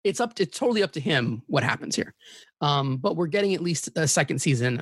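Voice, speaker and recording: A man's voice: fairly high pitch, animated, quick pace, a bit bright, breathy edge, no room sound, clean studio sound. A man guesting on a podcast in casual chat, eager and rambling, often restarting his sentences. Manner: rambling, self-correcting, eager.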